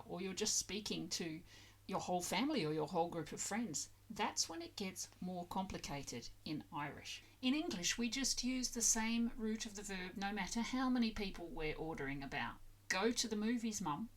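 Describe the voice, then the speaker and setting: A woman explaining grammar to learners in a patient, methodical way, spelling words out letter by letter. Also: medium pitch. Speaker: language-learning video creator.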